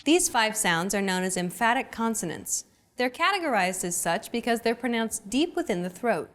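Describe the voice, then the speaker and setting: A young adult woman hosting a language lesson in an upbeat, clear teacherly delivery. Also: fairly high pitch, sing-song, moderate pace, a bit bright. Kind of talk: scripted lesson narration.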